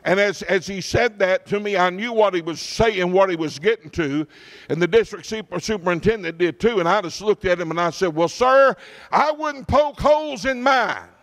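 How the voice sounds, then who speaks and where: Pastor, middle-aged man, folksy storytelling sermon with frequent asides to the congregation, a touch higher-pitched than most men. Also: a little fast. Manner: folksy preacher, checks in with the congregation often.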